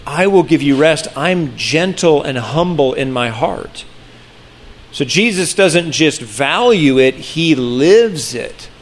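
A man preaching a sermon in an earnest, conversational way, often restarting phrases and slowing down to stress key words. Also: fairly high pitch. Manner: earnest, with frequent restarts and slowed emphasis. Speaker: pastor.

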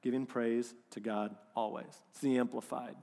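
A man preaching a sermon as pastor, animated, swinging between loud emphasis and hushed moments. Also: medium pitch, moderate pace, vocal fry, big-room sound, slight background noise.

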